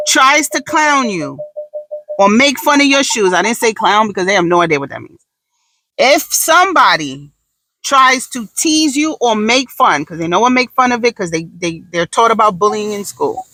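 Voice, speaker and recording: A sassy woman in her thirties tells stories as a podcast host, her voice bright and forceful. She talks in an animated, quick way. The sound is dry and close. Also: a little high, no echo, low-quality recording. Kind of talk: casual talk monologue.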